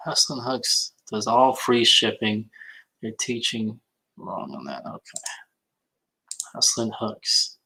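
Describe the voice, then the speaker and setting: A man's voice: lowish voice, slow pace, vocal fry, long pauses, sharp tone, low-quality recording. A man on a casual livestream hangout, chatting and reading comments while he works, often muttering to himself.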